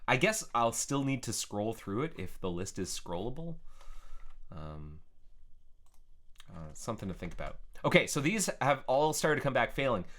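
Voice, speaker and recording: A man chatting casually as he codes on a live stream, thinking aloud in a relaxed way. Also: lowish voice. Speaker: software developer streaming his work. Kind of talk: casual live-coding narration.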